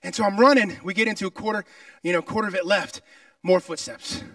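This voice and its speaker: A man preaching a sermon, telling a personal story in an animated way and acting out its scenes. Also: sits high, fast talker, dry recording, far from the mic. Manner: animated, acts out scenes and voices in his story.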